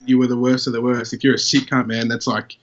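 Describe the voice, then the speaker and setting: A man's voice: medium pitch, little pitch movement, quick pace, muffled recording. A man with an Australian accent, hosting a podcast in a laid-back, casual way with plenty of swearing. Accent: Australian English.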